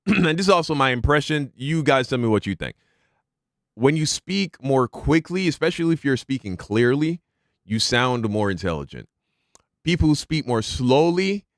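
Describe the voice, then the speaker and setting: Chill guy reacting on stream, smooth voice, dry close mic, slangy and rambling. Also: mid-range voice, dry recording. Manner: laid-back, muses aloud with slang. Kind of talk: casual reaction commentary.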